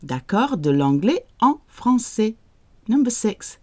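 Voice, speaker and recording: Slow, expressive woman teaching French. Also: deep voice, no echo. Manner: slow, careful model pronunciation with questioning rises. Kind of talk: language lesson with slow example sentences.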